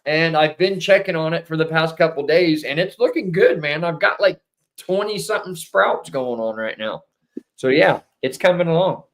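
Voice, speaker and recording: A man chatting casually with viewers on a livestream, rambling and swinging into animated bursts, feeling under the weather. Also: fairly high pitch, moderate pace. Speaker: livestream co-host.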